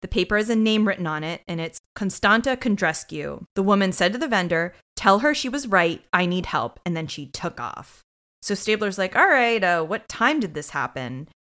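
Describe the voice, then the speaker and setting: This podcast co-host speaks in a mid-range voice at a moderate pace. She's animated as she casually recaps a TV episode and performs the characters' dialogue.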